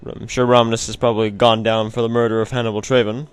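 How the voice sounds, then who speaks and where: A man's voice: medium pitch, steady tone, moderate pace, long pauses, clear, resonant tone, dry recording. A man hosting a video game let's play, talking through it in a chatty, rambling, self-mocking way. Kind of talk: casual gameplay commentary.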